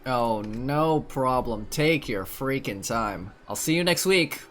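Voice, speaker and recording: A streamer giving excitable, gushing commentary on a game playthrough, laughing often. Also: mid-range voice, slow, faint music behind.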